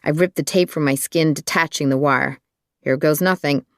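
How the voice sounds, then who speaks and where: Dry, even audiobook narrator. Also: medium pitch, normal speed, no echo.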